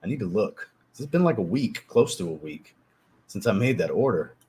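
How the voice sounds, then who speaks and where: A man hosting a fragrance livestream, chatting casually, telling profane, animated stories and reading out chat messages. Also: fairly low pitch, moderate pace. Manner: animated, profane storytelling, reads chat aloud. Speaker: livestream host.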